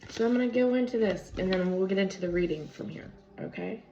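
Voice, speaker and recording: On a phone recording, a woman with a medium-pitched voice talks fast against a noisy background while giving a casual spiritual tarot reading. She rambles off on tangents and fills her speech with fillers. The room is echoey, the sound dull and lo-fi, with faint music playing.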